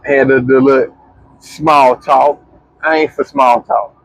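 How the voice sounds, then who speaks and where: A young man, chatting casually as a podcast co-host and telling a story with lively, slangy quoting. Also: medium pitch, takes it slowly, dry recording, rough recording. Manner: animated, slangy storyteller who acts out quotes.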